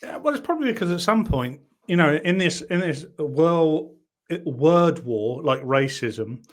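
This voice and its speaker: Animated co-host with a lively pitch. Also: male voice, measured pace. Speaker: podcast co-host. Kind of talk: casual opinionated chat.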